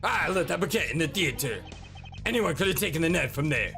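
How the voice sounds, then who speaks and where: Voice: medium pitch, very animated, fairly quick, gravelly, pushed and bright, soft background music, heavily acted. A game streamer voicing an arrogant foreign male ambassador with a put-on foreign accent, dismissive and haughty.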